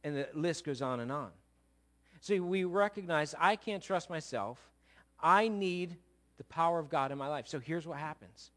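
A man preaching a sermon, moving between loud emphatic exclamations and low, quiet asides. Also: lively intonation, moderate pace. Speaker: pastor.

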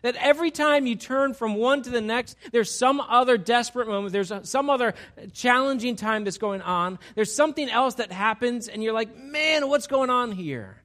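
A man's voice: very high-pitched, moderate pace, few pauses, a bit bright. A male pastor preaching a sermon and asking his congregation rhetorical questions.

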